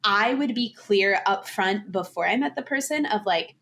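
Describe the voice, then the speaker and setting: A woman's voice: medium pitch, animated, normal speed, fairly bright tone. A woman in her twenties, a podcast guest talking candidly and casually, with lots of filler words. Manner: chatty, candid, heavy use of "like".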